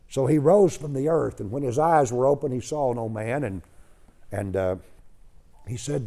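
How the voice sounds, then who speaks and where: A man's voice: medium pitch, expressive, normal speed, mellow. A man preaching a sermon, telling the story in a folksy, emphatic way.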